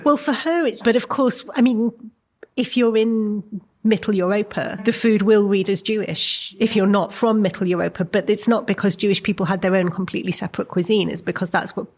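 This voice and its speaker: A woman's voice: medium pitch, fairly even intonation, brisk, a little mellow. An English woman in her forties, a novelist answering interview questions thoughtfully and often asking questions back. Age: 40s. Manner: thoughtful, poses strings of questions.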